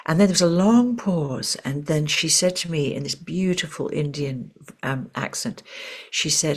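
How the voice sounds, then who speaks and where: Soft-spoken woman voice teacher telling a story. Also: sits low, unhurried, husky. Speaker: voice teacher and author, guest. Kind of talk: reflective storytelling in conversation.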